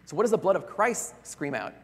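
A man preaching a sermon as a pastor, earnest and conversational, often pausing on rhetorical questions. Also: sits high, big pitch swings, husky. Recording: long reverb of a large hall.

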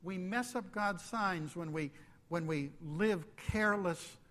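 A man preaching a sermon, slow and emphatic, dropping suddenly to a hush. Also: high voice, big-room sound. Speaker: pastor.

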